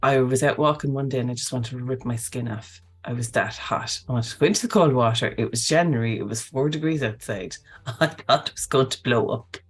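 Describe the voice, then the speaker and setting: A woman, hosting a casual live talk in an animated, chatty way, often tagging on okay and right. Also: very deep voice, brisk, breathy edge. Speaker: host.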